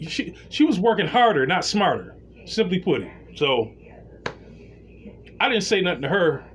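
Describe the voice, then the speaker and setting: A man telling a story in a casual rant, blunt and slangy, with lively retellings. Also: high-pitched, lo-fi sound, slight background noise.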